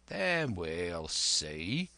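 A man voicing a scheming older pirate cook with gruff old seafaring speech. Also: sits low, sing-song, very slow, sharp tone, dry recording, exaggerated voice. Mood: persuasive.

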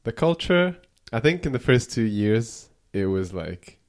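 A man's voice: medium pitch, sing-song, unhurried, darkish tone. A man in casual podcast chat, rambling with lots of "like" and casual swearing. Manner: casual, fills with "like", swears freely. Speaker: podcast guest.

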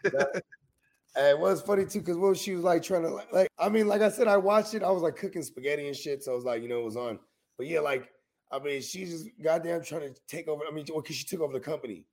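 A man's voice: fairly high pitch, fast talker, vocal fry, darkish tone. A man co-hosting a casual podcast chat, rambling in slang and often asking "you know what I mean". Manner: rambling, slangy, keeps saying 'you know what I mean'. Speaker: podcast co-host.

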